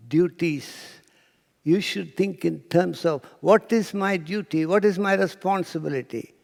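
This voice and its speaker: A man gives a spiritual lecture to a live audience, his fairly high voice rough with gravel. He tells anecdotes, acts out the people in them and sinks to near-whispers for emphasis. The sound rings with the long reverb of a lecture hall. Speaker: spiritual speaker. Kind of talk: philosophy talk to an audience.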